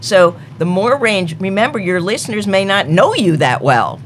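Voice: mid-range voice, sing-song, moderate pace, a little hiss or hum. Coach giving practical speaking advice. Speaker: communications coach guest. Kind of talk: casual chat. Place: podcast studio.

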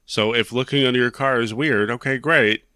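A hungover man with a bright, forward voice, chatting loosely as co-host. He sits back, tossing in short reactions and the odd curse. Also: mid-range voice, steady tone, brisk, no room sound, clean studio sound. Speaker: podcast co-host. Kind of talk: casual chat.

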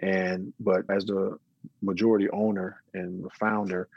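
A middle-aged man with a husky, somewhat low voice tells his story in a relaxed interview. He drops into animated quotes of other people as he goes. The recording is close and dry, with no room sound. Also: measured pace, dry recording, lo-fi sound. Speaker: interview guest, business owner. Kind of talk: casual interview talk.

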